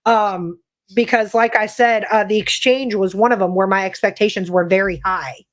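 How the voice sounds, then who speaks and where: A woman from California, a paranormal investigator, talking in a chatty, animated way full of "like" and "you know". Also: mid-range voice, normal speed. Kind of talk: casual podcast chat.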